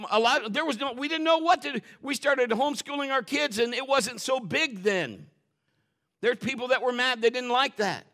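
A middle-aged male pastor preaching a sermon, telling family stories in an animated way and acting out the voices of the people in them. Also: very high-pitched. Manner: animated storytelling, acts out quotes and shouts for effect.

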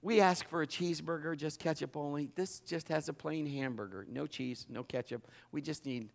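A middle-aged man preaching a sermon, telling a funny story and acting it out in a lively way. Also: on the high side, moderate pace, vocal fry. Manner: animated, acts out the story. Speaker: pastor.

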